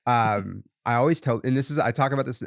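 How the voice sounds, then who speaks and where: A young man hosting a podcast, telling profane, animated stories in casual chat. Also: medium pitch, quick pace, vocal fry, no room sound, clean studio sound. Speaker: podcast host.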